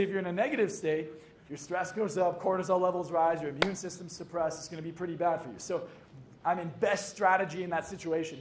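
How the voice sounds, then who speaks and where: A young man with a fairly high voice tells swearing, joke-filled stories and acts out both sides of each conversation. His motivational talk sounds roomy and echoey, with a faint hiss behind it. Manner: swearing, jokey, acts out dialogue. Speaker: hypnotist and coach. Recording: echoey room with faint noise.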